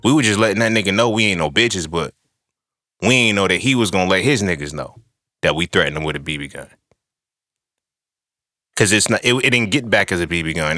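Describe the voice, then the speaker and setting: This podcast host is a young man with a lowish voice, spinning a casual, foul-mouthed yarn from his own life and playing out everyone's lines with gusto. The sound is studio-clean and echo-free.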